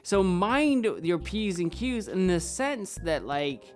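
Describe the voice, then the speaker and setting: A man's voice: high-pitched, sing-song, slow. A man speaking as a podcast guest in casual chat, searching for words as he explains things at length.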